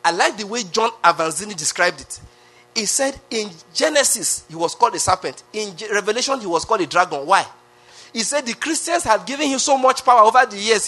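Bright, emphatic preacher man. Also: high voice. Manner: emphatic preaching with repetition and rhetorical questions. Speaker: pastor. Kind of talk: sermon.

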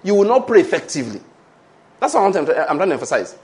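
Middle-aged man, Nigerian accent, high-pitched voice, emphatic sermon, call-and-response. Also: big pitch swings, quick pace, darkish tone. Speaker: pastor.

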